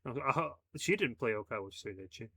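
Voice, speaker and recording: A man's voice: medium pitch, animated, normal speed, bright, forceful tone, slightly rough, dry recording. Man reading a story with chatty asides. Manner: casual, laughing asides. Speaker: fanfic reader. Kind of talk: audiobook narration.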